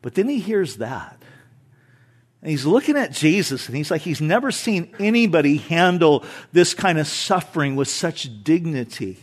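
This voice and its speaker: A male pastor preaching a sermon in a conversational, animated way, with rhetorical questions and light humor, swinging between loud emphasis and soft low asides. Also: normal speed, husky.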